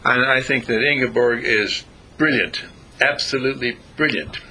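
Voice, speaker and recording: A man's voice: mid-range voice, normal speed, pushed and bright, a little hiss or hum. A man giving an informal spiritual talk to a small group, asking his listeners questions and chuckling often. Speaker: spiritual teacher.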